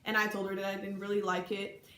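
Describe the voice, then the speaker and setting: A woman's voice: medium pitch, flat delivery, quick pace, bright, forceful tone. A young woman from the Netherlands with a Dutch accent, casually telling funny stories from her exchange year, chatty and giggly with many ums. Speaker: vlogger recalling an exchange year. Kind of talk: casual storytelling to camera. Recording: echoey room.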